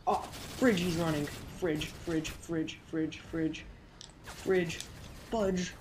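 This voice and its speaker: Commentating over live gameplay, a woman with a strikingly deep voice for her sex sounds jumpy and excitable. She rattles off quick exclamations, censoring herself with goofy invented oaths instead of swearing, while a faint hiss lingers underneath.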